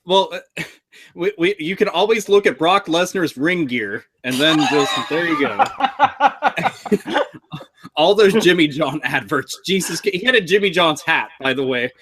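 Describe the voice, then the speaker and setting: A man's voice: on the high side, lively intonation, unhurried, fairly bright tone, a little hiss or hum. A man chatting on a podcast, laughing often and restarting his sentences, with plenty of swearing. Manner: laughing, stumbling restarts, profane. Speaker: podcast panelist. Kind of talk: casual chat.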